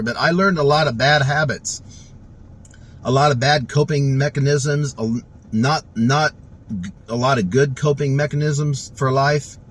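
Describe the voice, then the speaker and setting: A man giving an emotional personal testimonial, rambling and halting with many restarts and fillers, choked up and close to tears, recorded in a vehicle. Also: mid-range voice, poor audio.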